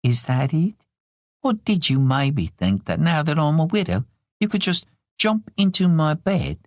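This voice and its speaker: A man's voice: mid-range voice, very animated, dry recording, studio quality, pitched above the performer's own voice. A male audiobook narrator voicing a proud young widow who is curt and easily exasperated. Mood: sharp. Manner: curt, exasperated, quick to snap. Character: young grieving Australian widow, proud and sharp-tongued. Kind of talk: audiobook character voice.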